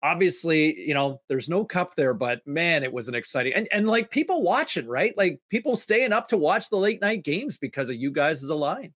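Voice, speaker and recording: A man's voice: a little high, very animated, moderate pace, hardly any pauses, fairly bright tone, dry recording. A man co-hosting a podcast, asking loose, rambling questions in casual chat. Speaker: podcast co-host.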